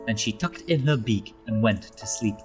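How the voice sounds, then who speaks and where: A man narrating a children's storybook aloud, expressive, slow and gentle. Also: on the low side, soft background music.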